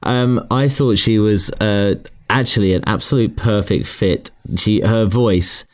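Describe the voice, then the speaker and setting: A man's voice: fairly low pitch, fairly even intonation, a little slow. A middle-aged man co-hosting a casual book podcast, hesitant and often restarting as he searches for words. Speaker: podcast co-host.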